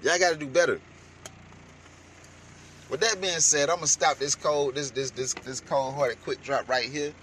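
A man delivering a heated, profane rant as a vlogger, shouting at times. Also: on the high side, steady tone, normal speed, long pauses, slight background noise. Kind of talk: heated ranting commentary.

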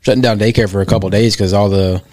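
A man in his thirties, co-hosting a podcast, with a wry, deadpan way of talking. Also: lowish voice, racing. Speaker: podcast co-host. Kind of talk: casual chat.

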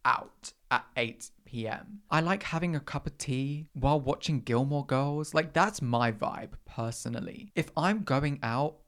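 A young man hosting a podcast, talking in a sassy, dramatic casual monologue with big pitch swings. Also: a little slow, few pauses, a bit bright. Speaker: podcast host.

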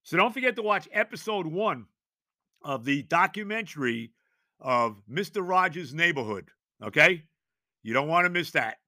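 Older new sports podcast guy ranting, cursing, voice jumping all over, bright and sharp. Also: fairly high pitch, expressive, normal speed, no room sound. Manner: ranting, emphatic, profane, rhetorical questions. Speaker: podcast host. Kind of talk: solo sports rant.

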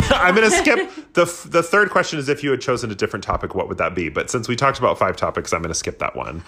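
Podcast co-host, woman with an extremely low, animated voice; jokes and laughs a lot. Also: fast talker, slight background noise. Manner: joking, animated, laughs often. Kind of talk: casual chat.

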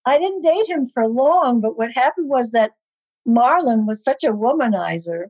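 Dry, lively woman in her eighties. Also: a little high, normal speed, no room sound, low-quality recording. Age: 80s. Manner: lively anecdotal storyteller with wry asides. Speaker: guest. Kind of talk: casual storytelling chat.

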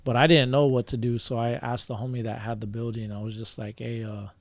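A man with a gravelly, mid-pitched voice tells a long story in casual podcast talk. He rambles, leans on fillers and swears freely. The sound is dry and close. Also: flat delivery, brisk, dry recording. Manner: rambling, many fillers and profanity. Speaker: podcast guest.

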